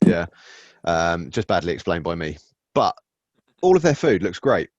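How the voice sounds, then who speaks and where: A man's voice: low voice, big pitch swings, normal speed, darkish tone, no echo. Rambling man on a dull, dry recording. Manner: rambling, self-interrupting, profane. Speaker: podcast co-host. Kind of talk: casual chat.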